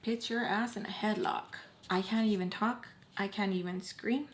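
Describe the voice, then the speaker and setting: On a very noisy recording, a twenty-something woman shares a personal storytime to camera in a steady, mid-range voice at moderate pace, packing in "like" fillers and nearly whispering when things get tense.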